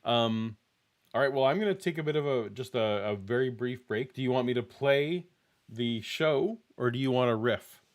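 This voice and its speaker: A man hosting a live stream, talking casually and hesitantly, with frequent restarts. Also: medium pitch. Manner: hesitant, halting. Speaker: host.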